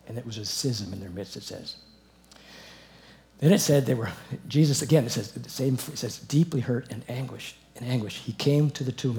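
Man giving an animated Bible talk. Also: medium pitch. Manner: animated, chuckling, reads verses then comments. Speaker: Bible teacher. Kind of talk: informal Bible teaching.

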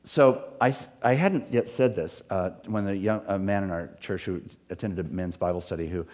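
Man, pastor, middle-aged, earnest, rambling, lowish pitch. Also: normal speed, a little mellow. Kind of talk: reflective talk.

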